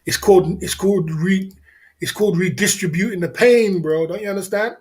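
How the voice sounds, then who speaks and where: A man hosts a casual livestream, chuckling through loose, slangy banter aimed at his viewers. His voice sits a little higher than most men's, and he circles back over the same phrases again and again. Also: brisk, a little mellow. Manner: laughing, repetitive, slangy banter. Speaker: livestream host.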